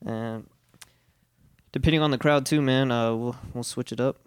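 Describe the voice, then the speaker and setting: A man's voice: medium pitch, steady tone, normal speed, clean tone, no room sound, clean studio sound. A man from a reggae band chatting as a podcast guest, laid-back and rambling, swearing now and then. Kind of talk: casual chat.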